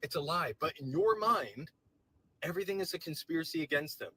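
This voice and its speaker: Man, heated political rant, profane, sarcastic, forceful tense voice. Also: a little high, lively intonation, a little fast, husky, poor audio. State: agitated. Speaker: political commentator. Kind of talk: angry political rant to camera.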